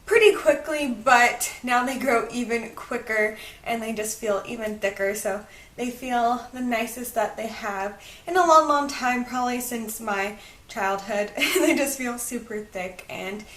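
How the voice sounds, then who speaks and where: A woman's voice: fairly high pitch, unhurried, a bit bright, far from the mic, slight background noise. A woman in her twenties chatting in a bubbly, upbeat way for a casual home vlog update. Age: 20s. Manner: bubbly and chatty, heavy use of "super duper". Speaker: vlogger. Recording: roomy, away from the mic.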